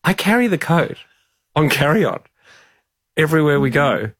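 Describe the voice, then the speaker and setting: Lively man telling a story. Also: a little high, moderate pace, husky, dry recording, clean studio sound. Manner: animated storytelling, laughs often. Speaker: podcast co-host. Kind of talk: casual chat.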